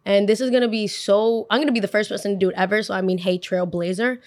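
A woman's voice: mid-range voice, fairly even intonation, quick pace, a little mellow, no echo, clean studio sound. Chatty young woman telling a story. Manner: chatty, dramatic, lots of "like". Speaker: podcast host. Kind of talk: casual storytelling.

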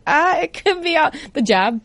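A woman's voice: high-pitched, sing-song, moderate pace, fairly bright tone, dry recording. A woman guest chatting casually, giggly and talkative. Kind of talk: casual chat.

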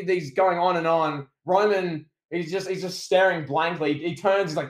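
A man talks wrestling on a casual podcast, his voice sitting a little high. He is animated and keeps jumping into loud mock voices. The sound has a roomy echo. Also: moderate pace, few pauses. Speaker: podcast co-host. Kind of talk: casual wrestling review chat.

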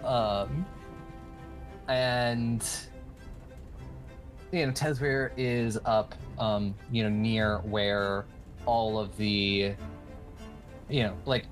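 A game master narrating a tabletop game scene, halting with many ums and uhs. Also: medium pitch, fairly even intonation, soft background music.

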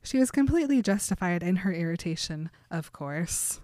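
A woman's voice: on the low side, expressive, moderate pace, warm tone, dry recording, studio quality. A woman chatting casually, retelling scenes in quoted dialogue and laughing often. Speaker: podcast co-host recapping a book. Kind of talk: casual chat.

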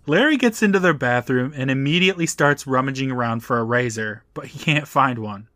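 A man's voice: mid-range voice, a little fast, pushed and bright, dry recording. A man co-hosting a podcast, wryly recapping a TV episode and laughing often as he talks. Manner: wry, laughs often, acts out quotes. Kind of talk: casual chat, recapping a TV episode.

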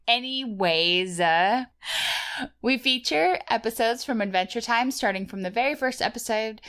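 A woman co-hosting a podcast in casual chat, playful and quick to laugh. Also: on the high side, a bit bright, clean tone. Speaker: podcast co-host.

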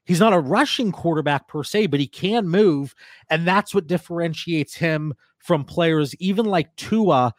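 A man's voice: fairly high pitch, measured pace, no room sound, studio quality. A man co-hosting a casual podcast discussion, steering the talk and passing questions to his co-hosts. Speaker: podcast co-host, fantasy football analyst.

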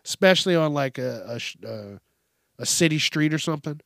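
A male podcast host rants casually about everyday annoyances, swearing and sounding exasperated, and he mimics people in high voices. He is animated and a bit bright in tone, and he talks fairly quickly. The studio sound is clean, with no echo.

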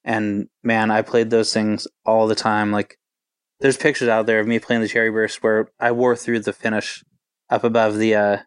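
40s guy in a band, chatty and rambling, smooth clear voice, dry room. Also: lowish voice, flat delivery, moderate pace, dry recording. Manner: rambling, laid-back, full of filler words. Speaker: touring band guitarist. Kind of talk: casual interview storytelling.

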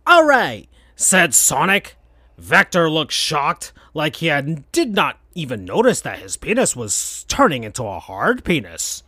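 A man hosting a podcast, reading absurd fan fiction aloud in a slow deadpan. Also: fairly high pitch, husky, dry recording, clean studio sound. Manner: slow, deadpan, breaks into laughter. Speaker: podcast host.

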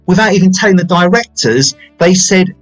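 A man in his forties rambles through film news in loose, self-mocking podcast chat. His voice sits a little high for a man. Faint music plays underneath. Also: animated, a little fast, low-quality recording. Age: 40s. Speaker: podcast host.

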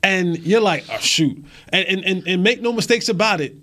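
A male co-host with a high voice who talks in an animated way. He often stammers and repeats words as he builds his point. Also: brisk. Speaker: sports talk co-host. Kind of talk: casual sports talk.

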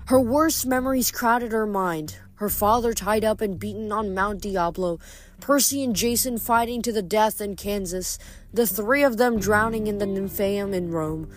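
A woman reading a novel aloud as a hobby reader, with expressive, dramatic narration. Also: medium pitch. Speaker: audiobook reader.

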